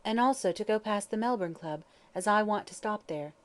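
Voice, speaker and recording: A woman reading an audiobook, voicing a devoted young woman who pleads softly and tearfully. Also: medium pitch, a little fast, lightly acted. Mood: determined.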